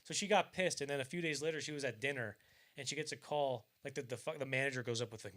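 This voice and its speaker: A young man hosting a podcast, casually telling anecdotes and acting out quoted lines with bursts of energy. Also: fast. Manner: animated storyteller, acts out quoted lines loudly and higher; casual and profane, frequent restarts. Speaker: podcast host.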